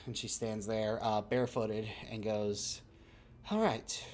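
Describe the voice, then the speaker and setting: A man's voice: lowish voice, little pitch movement, takes it slowly, slight background noise. Rambling game master man. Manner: rambling, full of fillers and laughs. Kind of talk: narrating a tabletop game.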